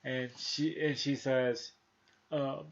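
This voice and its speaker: A man's voice: medium pitch, level tone, takes it slowly, creaky, muffled recording. A man in his thirties hosting a casual movie review chat, rambling with many restarts and fillers. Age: 30s. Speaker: podcast host.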